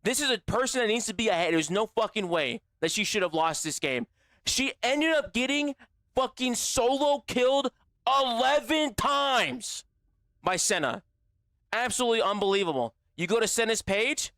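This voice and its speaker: A young man chatting casually with his stream viewers, animated and profane, full of slang. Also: extremely high pitch, normal speed, no echo, clean studio sound. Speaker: gaming livestreamer.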